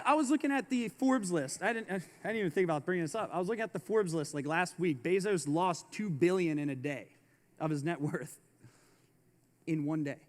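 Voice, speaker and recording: A man with a high voice delivers a motivational business keynote in a large conference hall, and his words ring out with a long reverb. He presses his points hard, repeats his catchphrases and tosses in casual slang between them. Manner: emphatic, repeats slogans, slangy asides. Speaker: keynote speaker.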